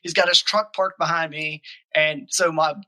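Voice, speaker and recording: A young man tells a story on a podcast. His voice is very bright and a touch high, and he swears constantly while acting out both sides of the argument. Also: moderate pace, low-quality recording. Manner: profane, animated, acts out quoted arguments. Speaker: podcast guest telling a story. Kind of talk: casual storytelling.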